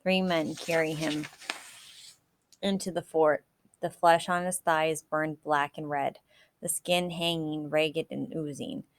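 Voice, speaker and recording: A woman reading a novel aloud in a measured way, now and then correcting a slipped word. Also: deep voice, fairly even intonation. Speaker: audiobook reader.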